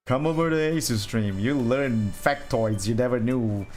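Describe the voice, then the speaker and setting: A man's voice: medium pitch, measured pace, darkish tone, faint music behind. A middle-aged man streaming while he draws. He chats casually, reads chat aloud and laughs often. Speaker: art streamer.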